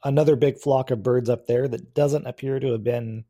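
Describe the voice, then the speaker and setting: A man serves as game master for a tabletop role-playing session. His voice is dark and mellow, and he lays out each scene in an easy, unhurried way, filling pauses with "uh.". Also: mid-range voice. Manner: relaxed, describing scenes with filler "uh"s.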